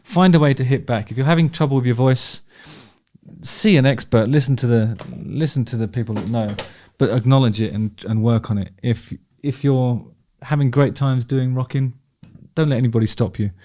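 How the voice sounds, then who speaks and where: A man's voice: medium pitch, normal speed, dark tone. A man giving casual, opinionated commentary while reacting to concert footage, swearing freely and restarting his sentences. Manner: chatty, swears freely, frequent restarts, laughs along.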